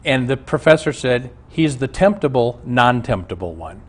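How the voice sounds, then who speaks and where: A man's voice: medium pitch, lively intonation, moderate pace, slightly rough. A man who is a pastor, teaching a Bible lesson on a show and telling stories from his own life in an earnest preaching manner.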